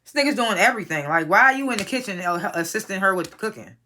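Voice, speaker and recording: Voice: medium pitch, animated, fast talker, bright, forceful tone, a little hiss or hum. A TV episode reviewer giving a casual, rambling recap with profane, incredulous asides.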